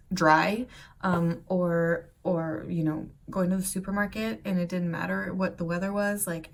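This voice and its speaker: A woman's voice: fairly low pitch, far from the mic. A woman from the United States talking casually to her viewers in a chatty, rambling way with many fillers and restarts. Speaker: vlogger. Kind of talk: casual talk to camera.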